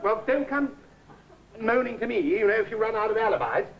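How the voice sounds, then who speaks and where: A caddish middle-aged charmer, full of clipped, jaunty patter. His voice leaps up and down with lively swings of pitch. It comes through a hissy old television soundtrack. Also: a little fast, a faint crowd, rough recording. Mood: breezy, scheming. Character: caddish middle-aged English ladies' man, breezy schemer. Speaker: comic lead. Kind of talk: 1960s studio sitcom acting.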